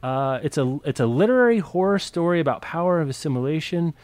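A man's voice: on the high side, lively intonation, fast talker, darkish tone, no echo. A man co-hosting a podcast, enthusiastic and rambling as he recommends books with many restarts. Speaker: podcast co-host. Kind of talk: casual book chat.

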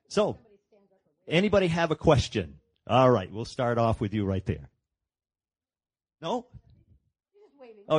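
A man moderating an audience question session on a stage, casually calling on people. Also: a little high. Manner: casual, taking questions from the crowd. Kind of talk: hosting audience Q&A.

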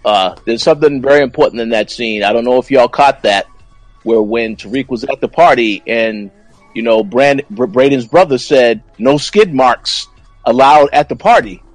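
A man's voice: medium pitch, normal speed, dry recording, faint music behind, low-quality recording. A man co-hosting a casual TV recap podcast, breaking down scenes with frequent stammering restarts. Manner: stammering restarts, animated analysis. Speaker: podcast co-host.

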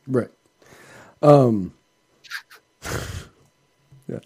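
A man's voice: medium pitch, drawn-out words, mellow, slightly rough. A man on a casual podcast, telling long rambling stories and cutting himself off with asides. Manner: rambling, self-interrupting anecdotes. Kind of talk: casual storytelling chat.

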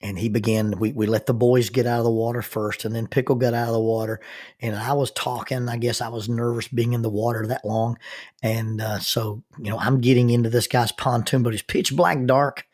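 A minister telling a personal story in an earnest, halting way, often restarting his sentences. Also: mid-range voice, little pitch movement, darkish tone.

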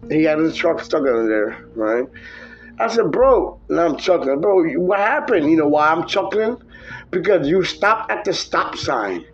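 A man telling rambling, profane stories from his driving work in a casual podcast chat, jumping into a high voice when quoting people. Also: muffled recording. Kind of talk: casual storytelling.

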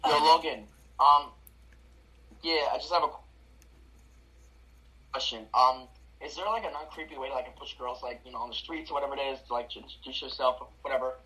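A male caller asks his question on a live stream, hesitating and filling gaps with "um" and "like". His voice is bright and tight. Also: mid-range voice, steady tone, brisk, pauses often, poor audio. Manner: hesitant, full of "um" and "like". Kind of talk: casual question.

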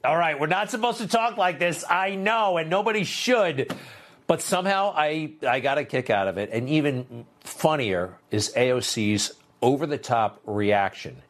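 A man's voice: on the high side, expressive, normal speed, fairly bright tone. A man hosting political commentary, sarcastic and dismissive in his opinions.

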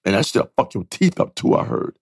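A man with a gravelly, husky voice rants loudly in casual comedic banter, cursing freely and leaning hard on each point. The sound is close and dry, with no room around it. His pitch sits fairly low. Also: huge pitch swings, brisk, dry recording. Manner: profane, emphatic, keeps saying his partner's name. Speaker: podcast co-host.

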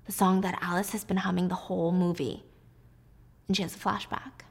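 A woman's voice: medium pitch, flat delivery, brisk, vocal fry, husky. A woman vlogger casually recapping a movie while baking, chatty and playful.

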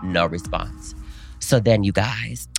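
A man's voice: slow, gravelly, soft background music. A man co-hosting a podcast, telling a story in casual chat and acting out the people in it. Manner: animated, acts out quotes with big pitch jumps. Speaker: podcast co-host.

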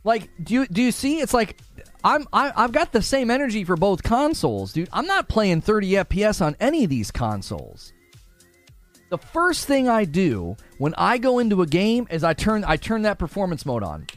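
A young man doing casual livestream commentary on games, animated and exasperated. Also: sits high, soft background music. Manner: animated, exasperated, quick retorts. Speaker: gaming streamer.

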